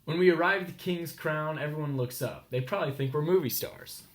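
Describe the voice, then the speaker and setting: Man reading a picture book aloud. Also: on the high side. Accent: American. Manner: reads slowly with explanations and questions to listeners.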